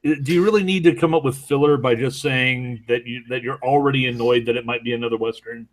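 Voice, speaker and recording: A man co-hosting a casual podcast chat, wry and quick to mock. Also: medium pitch, fairly even intonation.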